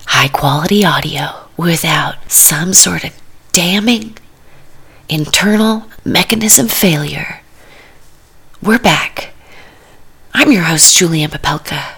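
Gravelly-voiced woman host, dry whispered asides. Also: fairly low pitch, takes it slowly, long pauses, fairly bright tone. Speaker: podcast host. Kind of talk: comedic commentary on a cooking show.

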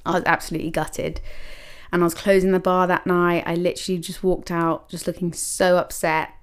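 A young woman hosting a podcast, telling a personal story in a lively, chatty way full of "like" and acted-out quotes of herself. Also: fairly low pitch, a little fast, clean tone. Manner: animated, many likes and quoted self-talk. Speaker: podcast host.

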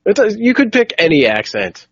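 A man's voice: high voice, huge pitch swings, moderate pace, husky, no room sound. Easygoing male podcast host, dry lo-fi sound. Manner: easygoing, steers the talk back on track. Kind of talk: casual chat.

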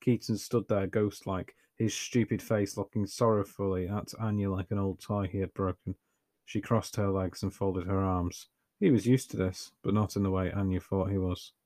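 A man's voice: low-pitched, steady tone, normal speed, mellow, no echo. A man reading a story aloud with dry, wry, profane humour. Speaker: narrator.

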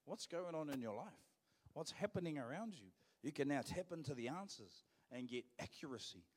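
A man with a New Zealand accent, a pastor preaching a sermon in a casual, emphatic way, repeating his phrases for stress. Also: mid-range voice. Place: church auditorium. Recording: long church hall reverb.

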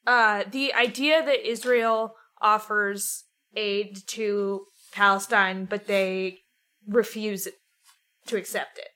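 A woman's voice: medium pitch, steady tone, slow pace, sharp tone. A young woman co-hosting a podcast, asking questions in a blunt, frank way and swearing freely. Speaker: podcast co-host, interviewer. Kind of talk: casual podcast conversation.

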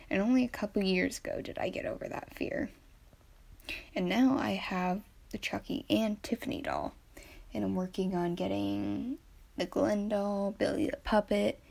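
A woman's voice: mid-range voice, gravelly, a little mellow. A young woman hosting her first podcast, sounding a bit nervous and earnest. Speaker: podcast host. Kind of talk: casual solo podcast intro.

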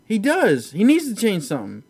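A man with a slightly higher-than-usual voice hosts a loose podcast chat about fights. He rambles, swears freely, and laughs easily as he talks. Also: huge pitch swings, a little fast, vocal fry, slightly rough. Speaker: podcast host.

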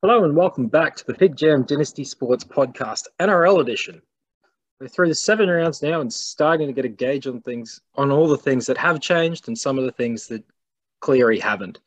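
A man with an Australian accent hosting a casual sports podcast, chatting in relaxed, matey banter. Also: medium pitch, normal speed. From Queensland. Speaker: podcast host.

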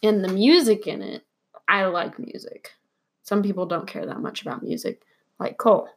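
A young woman co-hosts a casual podcast and tells her stories plainly and easily. Her voice sits at a medium pitch. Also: moderate pace, vocal fry. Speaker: podcast co-host. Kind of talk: casual chat.

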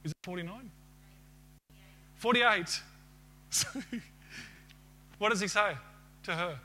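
A man's voice: high-pitched, measured pace, bright, forceful tone. A man preaching a sermon to a congregation, asking them questions and ending with a prayer. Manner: asks the congregation questions and leads a closing prayer.

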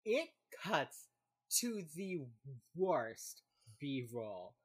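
A young woman with a strikingly low, deep voice chats casually on a podcast. She recaps scenes in a loose, talkative way, laughs often and acts out what the characters say. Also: big pitch swings, drawn-out words, breathy edge. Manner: chatty, laughs often, acts out quoted lines. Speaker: podcast co-host recapping a TV episode. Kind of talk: casual chat.

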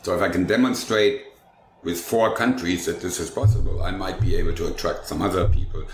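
Older man chef, low voice, echoey room. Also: steady tone, brisk, a little hiss or hum. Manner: rambling, enthusiastic, lists dishes step by step. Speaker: food truck owner and chef. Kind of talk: casual interview chat. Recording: roomy echo with faint ambience.

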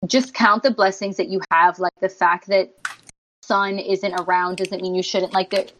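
A young woman on a podcast, speaking earnestly about her outlook. She scatters in filler words as she goes, and her voice sits at an ordinary middle pitch. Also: fairly even intonation, normal speed, noisy background. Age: 20s. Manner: earnest, hedging with many "like"s. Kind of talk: casual podcast chat.

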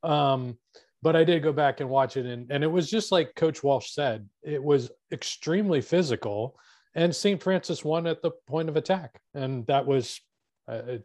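A man co-hosts a casual sports talk show, his voice a bit high and recorded dry and close. He speaks in a measured way, steering the talk with questions. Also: a little mellow, dry recording. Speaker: co-host.

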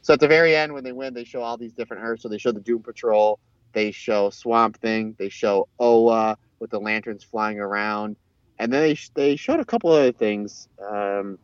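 A man in casual chat, recapping a TV crossover in a rambling, animated way and acting out the characters' lines. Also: lowish voice, moderate pace, clean tone, dry recording. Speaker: podcast co-host. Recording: dull lo-fi, dry sound.

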